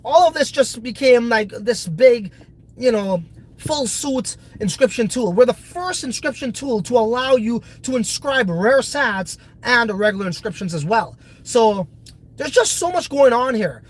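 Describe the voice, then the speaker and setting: A man's voice: extremely high pitch, expressive, unhurried, rough recording. A congested man hosting a casual crypto video, talking in a brash, profane, hyped way. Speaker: crypto project host.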